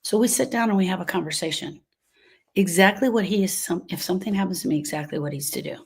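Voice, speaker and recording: A fast-talking woman with a mid-range, breathy-edged voice hosts a grief podcast. In her 60s and from Louisiana, she tells her story to listeners earnestly and heartfeltly, repeating phrases for emphasis.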